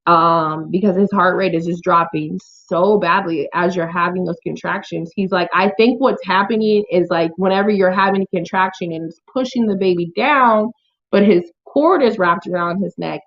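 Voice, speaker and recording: A young woman tells a personal story to her viewers in a casual, heartfelt way. Her voice sits a bit low for a woman. The sound is muffled and lo-fi, like a home video. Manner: chatty, emotional, addresses viewers as y'all. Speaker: vlogger.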